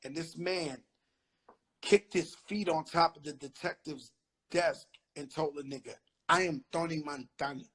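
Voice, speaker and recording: A husky, fairly high-pitched man with a New York accent tells street stories in a lively, profane way. He hosts a casual chat over a phone live stream, often acting out the voices he quotes. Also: a little slow. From the Bronx, New York. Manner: animated, swearing, acts out quotes loudly. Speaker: host. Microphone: phone on a live video stream.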